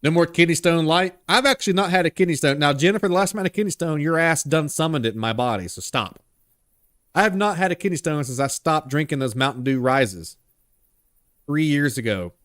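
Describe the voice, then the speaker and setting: A man's voice: fairly high pitch, expressive, brisk, fairly bright tone, no room sound, clean studio sound. A man hosting a live horror game stream. He talks casually, rambles, jokes and laughs a lot.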